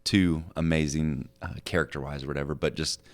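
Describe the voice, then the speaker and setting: A father in a casual podcast chat, speaking calmly with a few fillers. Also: extremely low pitch. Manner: calm and unhurried with fillers. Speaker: parent guest.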